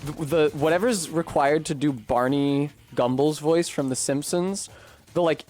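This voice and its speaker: A man's voice: a little high, measured pace, darkish tone, soft background music. A man streaming a video game, chatting casually in a rambling, profane, self-deprecating way. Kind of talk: casual gameplay commentary.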